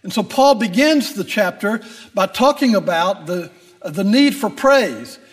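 Older male preacher, high-pitched, echoing hall. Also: expressive, measured pace. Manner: folksy and conversational, with fillers and restarts. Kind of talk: sermon.

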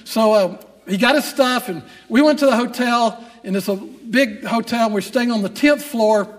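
An older man preaching with a strikingly high voice. He tells a long personal story with dry humor before turning to scripture, his emphasis building as he drives the point home. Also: moderate pace. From Texas. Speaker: pastor.

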